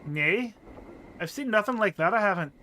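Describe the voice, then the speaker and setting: A man's voice: high-pitched, expressive, normal speed, pushed and bright, a little hiss or hum, pitched above the performer's own voice. Man putting on a prickly, slangy street girl. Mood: surly. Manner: slangy, rough dialect, curt and mocking. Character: sneering young tailed street girl, rude and prickly.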